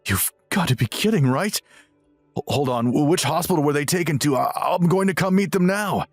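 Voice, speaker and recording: A man's voice: mid-range voice, very animated, moderate pace, no echo, faint music behind, lightly acted. A man voicing a smug, self-righteous young husband who lectures and sneers in a dramatized text-message story. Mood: alarmed.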